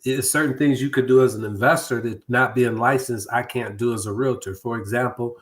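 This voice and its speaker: A middle-aged man with an ordinary mid-range voice talks through business on a call-in show. His delivery is relaxed and conversational, with restarts and repeated words. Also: mid-range voice, brisk. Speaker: guest real estate broker. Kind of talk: casual talk-show chat.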